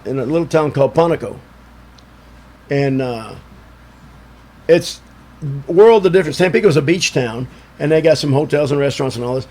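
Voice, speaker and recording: A man in his sixties from Chicago, appearing as a podcast guest, tells rambling stories in a casual chat. His voice is fairly high with a darkish tone, and he uses lots of "you know" fillers.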